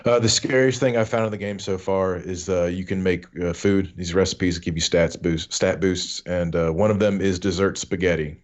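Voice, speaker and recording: A man with a very low voice talks through a game podcast in a relaxed, casual way. His humor is dry and deadpan. The recording is dull and lo-fi. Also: moderate pace, hardly any pauses. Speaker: podcast co-host. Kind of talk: casual chat.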